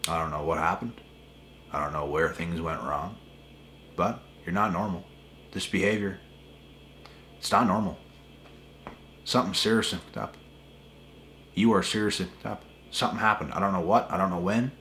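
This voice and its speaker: A man's voice: low-pitched, fairly even intonation, normal speed, long pauses, pushed and bright, a little hiss or hum. A man hosting a spiritual channel, ranting to camera in an emphatic, repetitive way with a lot of swearing. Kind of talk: casual rant to camera.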